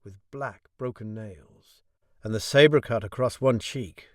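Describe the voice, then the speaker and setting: A man's voice: mid-range voice, measured pace, no echo, close to an everyday voice. Casting: a man doing a youthful Cornish boy narrator, light Cornish lilt, eager and naive, dry studio sound. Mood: remembering. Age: middle-aged. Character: earnest young Cornish lad narrating his past. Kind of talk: audiobook narration. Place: professional home studio.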